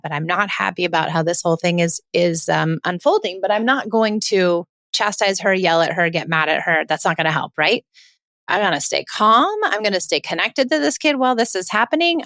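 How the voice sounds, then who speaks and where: A woman in her forties hosting a parenting podcast, telling a family story in a chatty, animated way and acting out the quoted lines. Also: mid-range voice, gravelly, no room sound, clean studio sound. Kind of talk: casual storytelling monologue.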